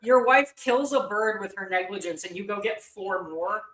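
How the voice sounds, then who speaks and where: A woman at mid pitch throwing out dry, teasing jabs in casual panel talk. Her voice rings in a noticeably roomy, echoing space. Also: normal speed, a bit bright. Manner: teasing, sardonic banter.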